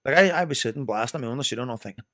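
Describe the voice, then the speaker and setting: A man's voice: medium pitch, racing, a bit bright, no echo, studio quality. A young Northern Irish man telling rambling, sweary stories as a podcast guest. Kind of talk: casual chat.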